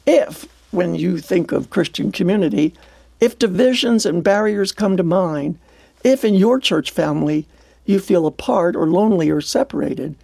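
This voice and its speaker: A woman's voice: lowish voice, animated, moderate pace, gravelly, warm tone, breathy edge, no room sound. An older woman hosting a devotional radio program, talking earnestly and exclaiming with wonder. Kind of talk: heartfelt devotional radio talk.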